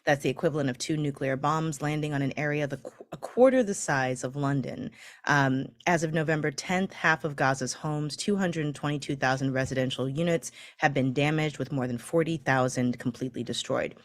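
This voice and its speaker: Low-voiced chatty woman co-host. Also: steady tone, a little fast. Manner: chatty, laughs easily. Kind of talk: casual livestream chat.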